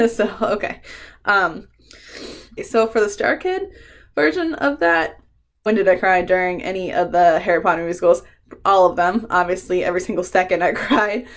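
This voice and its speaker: A young woman chatting casually in a home vlog as a book vlogger, emotional and quick to laugh. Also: medium pitch.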